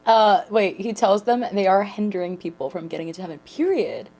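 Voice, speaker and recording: A woman streamer chatting casually and excitedly with her viewers while reacting to a sermon. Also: medium pitch, quick pace. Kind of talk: casual watch-along commentary.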